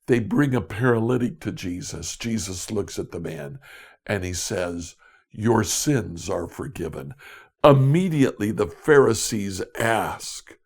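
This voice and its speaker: A man teaching a Bible study in a deliberate way, repeating key questions for emphasis. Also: on the low side, animated. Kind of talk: scripture teaching talk.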